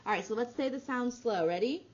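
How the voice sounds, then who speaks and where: A woman teaching a small phonics group, stretching out each sound slowly and praising the children often. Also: fairly high pitch, animated. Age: adult. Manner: slow, drawn-out sounding out of words with encouraging praise. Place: classroom. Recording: dull lo-fi classroom recording with faint noise.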